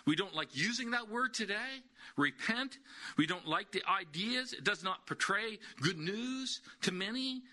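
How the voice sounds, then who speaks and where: Male preacher, sermon, emphatic, repetitive, rhetorical questions, piercing bright voice. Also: high-pitched, animated, moderate pace, few pauses. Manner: repeats key words, emphatic, with rhetorical questions.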